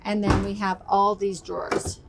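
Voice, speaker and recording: A woman's voice: medium pitch, monotone, normal speed, vocal fry, heavy background noise. A woman presenting a walk-through tour inside a motorhome, upbeat and chatty like an enthusiastic salesperson. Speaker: RV sales expert giving a tour.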